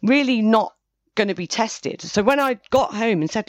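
A woman's voice: on the high side, animated, normal speed, dry recording, clean studio sound. A woman, telling a personal story in a rambling way, with frequent restarts and self-corrections. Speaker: interviewee. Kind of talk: personal account, casual.

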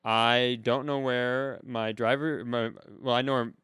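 A man's voice: medium pitch, level tone, unhurried, fairly bright tone, clear, resonant tone, no room sound, studio quality. A man with an Upper Midwest American accent co-hosting a comedy podcast, rambling through a story in casual chat and acting out other people's lines. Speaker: podcast co-host.

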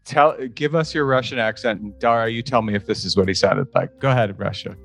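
A man's voice: lowish voice, a little fast, gravelly, a bit bright, faint music behind. A man hosting a casual podcast chat, asking probing questions with a jokey manner. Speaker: podcast host.

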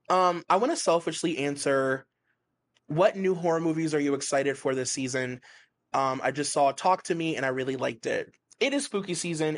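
Rambling, giggly male podcast co-host. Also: a little high. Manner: rambling, frequent laughs and fillers. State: stoned, hazy. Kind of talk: casual chat.

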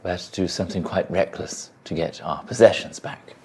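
Low, husky-voiced male player. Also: a little fast, darkish tone. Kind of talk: tabletop role-play.

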